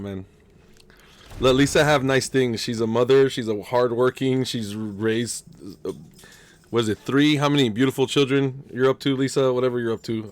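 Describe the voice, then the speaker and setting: A man streaming a card game live, chatting casually with his viewers and swearing freely as he plays. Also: on the low side. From United States. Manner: excitable, swears a lot, chats with viewers by name. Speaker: gaming streamer. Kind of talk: casual live-stream chat while playing.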